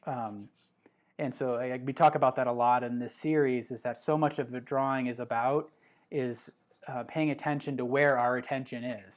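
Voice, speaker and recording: Chatty art instructor thinking aloud. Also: mid-range voice. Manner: relaxed and chatty, with many fillers and self-corrections. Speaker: art instructor hosting a live drawing series. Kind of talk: live drawing demonstration, thinking aloud.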